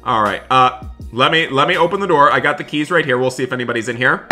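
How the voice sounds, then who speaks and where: Guy narrating a roleplay game, super bright voice, chatty with viewers, music low behind. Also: expressive, fast talker. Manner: talks to viewers, switches to polite hotel-worker voice. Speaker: gaming roleplay host. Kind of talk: roleplay commentary.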